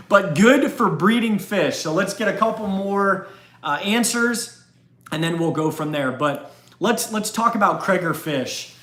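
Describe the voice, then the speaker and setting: A man's voice: high voice, expressive, unhurried, pushed and bright. A man hosting a casual live question-and-answer stream, chatty and rambling, often laughing. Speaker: livestream host. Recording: roomy echo.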